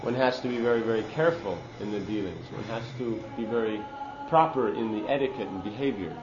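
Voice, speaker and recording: A man's voice: on the low side, fairly quick, echoey room, highs cut off, background noise. Man giving an emphatic scripture lecture. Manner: earnest, emphatic teaching with Sanskrit terms. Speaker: speaker giving a scripture class. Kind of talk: sermon on scripture.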